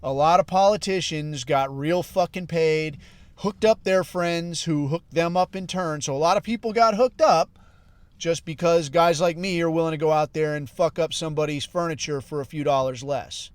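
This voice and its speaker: A man's voice: a little high, moderate pace, clean tone, dry recording. A middle-aged man hosting a podcast, ranting casually with heavy swearing and a constant "dude" and "bro.". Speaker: podcast host. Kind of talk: casual profane rant.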